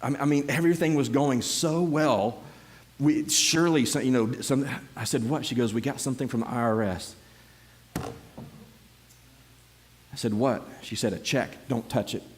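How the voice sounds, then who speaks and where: A middle-aged man gives a personal testimony to a church congregation, telling the story in an animated way with many restarts and repeated words. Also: medium pitch, normal speed, pauses often, slight background noise. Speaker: church member giving a testimony.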